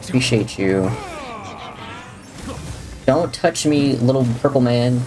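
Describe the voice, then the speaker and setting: A man talks through a live gaming stream in a relaxed, joking way, thanking followers and answering chat between comments on the game. His voice sits at an ordinary middle pitch. Soft game music plays underneath. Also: slow pace. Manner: chatty, jokey, drifts between talking to chat and to the game. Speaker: livestreamer. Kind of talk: casual gameplay commentary, reading chat. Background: faint game music.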